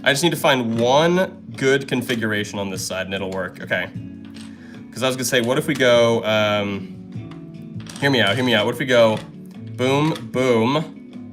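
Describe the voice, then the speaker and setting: A young man hosting a live stream, chatting casually and excitedly while solving puzzles and thanking viewers. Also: mid-range voice, moderate pace, over music.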